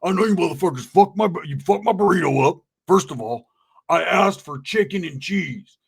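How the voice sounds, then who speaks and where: A man's voice: sits high, animated, moderate pace, gravelly, breathy edge, heavily acted. A man voicing his crude, hot-tempered, broke white friend, who rants profanely and calls everyone brother. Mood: complaining.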